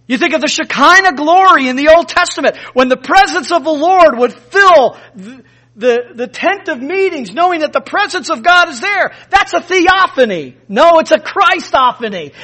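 A man preaching a sermon, emphatic, with big rises in pitch and volume, acting out the people he quotes. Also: bright, forceful tone. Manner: acts out quoted speakers in scripture. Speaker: pastor.

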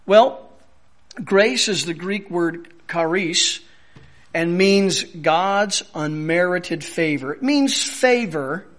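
A male pastor delivering a sermon in a high, tenor-range voice. He speaks slowly and deliberately, stressing key words and repeating phrases for emphasis. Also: fairly bright tone.

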